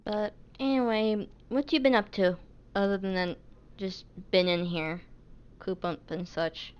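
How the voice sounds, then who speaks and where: Woman, tabletop player, hesitant, casual, unhurried, clear smooth tone. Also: medium pitch, steady tone, highs cut off. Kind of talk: playing a character in a tabletop game.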